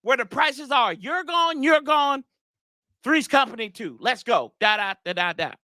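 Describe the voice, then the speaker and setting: A man with a notably high, bright voice rants as a sports show host. His pitch swings widely as he rambles, exasperated, and throws slangy asides to his viewers. The sound is dry and close. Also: lively intonation, measured pace, no echo. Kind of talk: casual sports rant.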